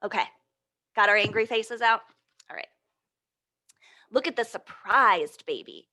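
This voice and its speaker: Lady running kids storytime, lively, keeps asking the little ones questions, bright tense voice. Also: medium pitch. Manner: animated, asks children questions and prompts them. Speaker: storytime reader. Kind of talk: children's storytime reading.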